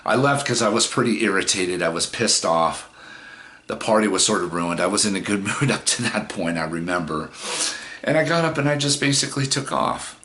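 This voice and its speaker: Low-voiced man telling a rambling story. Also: sharp tone. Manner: rambling, profane, many fillers. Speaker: vlogger. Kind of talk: casual storytelling.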